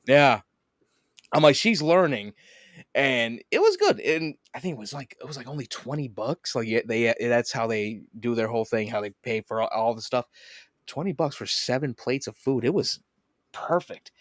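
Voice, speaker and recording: A man hosting a podcast in casual chat, an animated storyteller who swears and laughs often. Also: mid-range voice, normal speed, dry recording, studio quality. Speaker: podcast host.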